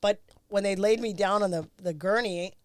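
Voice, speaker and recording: A woman's voice: mid-range voice, moderate pace, no room sound. A middle-aged woman, a former race car driver, bluntly recounting a crash in a candid interview, swearing freely.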